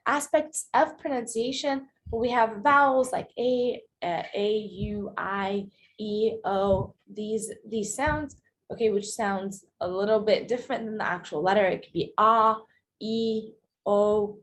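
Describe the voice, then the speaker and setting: A woman's voice: fairly high pitch, a little hiss or hum. A woman teaching English pronunciation in a casual video lesson, explaining step by step and often checking in with "okay" and "all right".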